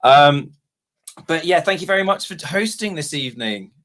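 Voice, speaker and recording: A man's voice: fairly high pitch, animated, normal speed, a bit bright. A man, a guild founder chatting casually on a livestream, rambling and self-deprecating with many ums. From England.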